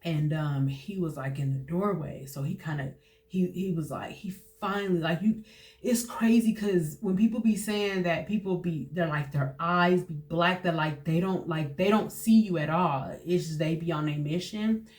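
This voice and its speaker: A young woman speaks in a personal testimony monologue. She talks haltingly, with frequent fillers and restarts. Her emotion shows as her voice drops at times. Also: fairly low pitch, darkish tone. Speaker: host sharing personal testimony.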